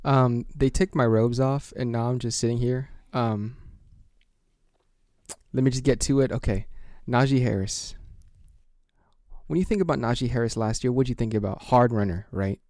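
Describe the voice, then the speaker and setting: Excitable man ranting in mock court. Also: medium pitch, normal speed, no echo, clean studio sound. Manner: excitable, rambling rant. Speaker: podcast co-host.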